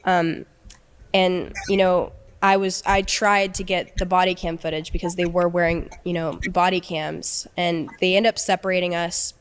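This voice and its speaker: A young woman recounting a painful relationship in an emotional personal account, halting and earnest, with many restarts and fillers. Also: lowish voice, level tone, clear, resonant tone.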